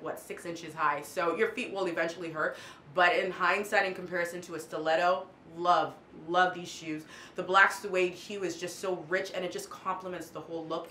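A woman chats through a fashion haul in a bright, forward voice, gushing with enthusiasm and repeating her praise. She sounds casual and eager. The sound carries noticeable room echo. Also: lowish voice, slight background noise. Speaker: fashion vlogger.

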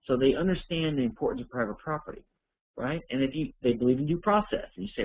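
A man with a gravelly, husky voice answers listener questions for an online course, thinking aloud as he goes. The audio is dull and lo-fi. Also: a little high, lively intonation, fast talker.

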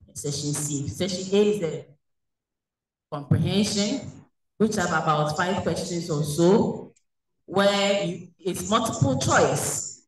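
A woman's voice: fairly low pitch, slow pace, slight background noise. A woman teaching a French class over a video call. She poses questions to the class and then answers them herself. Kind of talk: online class lecture. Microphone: video call recording. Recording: echoey room, distant from the mic.

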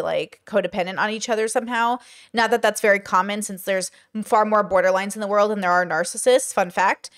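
A woman giving casual reaction commentary, chatty and thinking aloud as she pauses a video to comment. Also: mid-range voice, fairly bright tone, clear, resonant tone. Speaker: commentary streamer.

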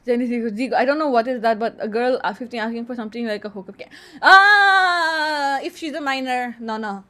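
A woman's voice: a little high, fast. A woman with an Indian accent, chatting casually on a livestream, playful and boastful as she reads quiz statements aloud and answers them. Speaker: streamer.

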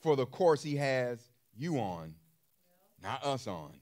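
Emphatic preacher with lively, swinging pitch. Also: male voice, takes it slowly. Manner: emphatic, repeats phrases, asks the congregation questions. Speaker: pastor. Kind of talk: sermon.

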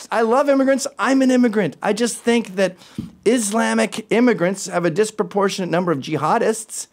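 A man hosting opinion commentary, ranting in an animated, sarcastic way. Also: high voice, brisk. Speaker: host.

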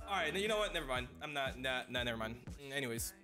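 A young man live-streaming, reading out viewer messages in casual chat, excitable, with loud outbursts, swearing and a stutter with frequent restarts. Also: medium pitch, fast, music in the background.

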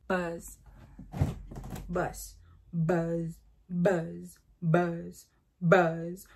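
A woman's voice: medium pitch, takes it slowly, pauses often, husky. A woman vlogging casually and talking to herself, hesitant, repeating beatbox syllables over and over.

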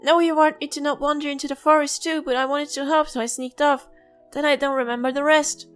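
An earnest little village child , put on by a woman, speaks in a high, careful voice, now and then tripping over words. The lines are read as a fan voice-over of game dialogue, with faint game music behind. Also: steady tone, a little fast, natural voice. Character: small polite curious village child.

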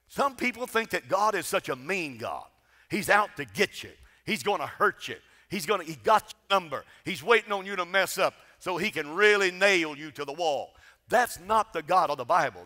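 A man preaching a sermon, swinging between emphatic calls and hushed, quiet passages. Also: on the high side. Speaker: pastor. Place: large church. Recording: church sanctuary with long reverb.

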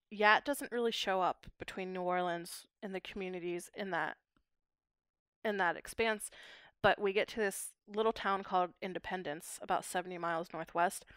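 A young adult woman, a guest linguist, explaining dialect features in measured, academic podcast talk. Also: medium pitch, a bit bright, clean tone, no room sound.

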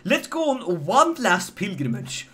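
A man with a Swedish accent commentating his live game stream, joking and animated as he talks to chat. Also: sits high, unhurried.

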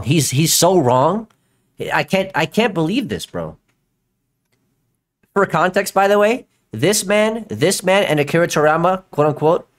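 A young man hosting a live stream reaction, ranting loudly and exasperated, with a sore throat from yelling. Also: a little high. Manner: loud, exasperated ranting with profanity and laughter. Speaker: YouTube commentator reacting to a video.

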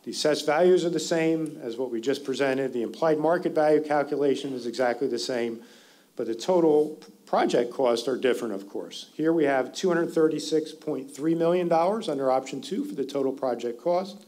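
A man presenting school district finance figures at a public community forum, in a steady explanatory way that stresses key words. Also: mid-range voice, fairly quick. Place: school meeting hall.

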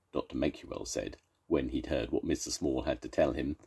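An older man, a grandfather, reading a children's story aloud in a playful, animated way. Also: rumbling low, moderate pace, gravelly, husky.

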